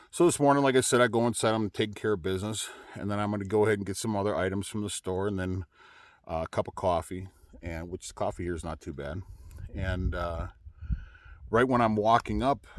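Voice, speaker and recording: A man's voice: deep voice, no echo. A man, a truck driver, chatting casually to his viewers in a rambling way, full of fillers and restarts.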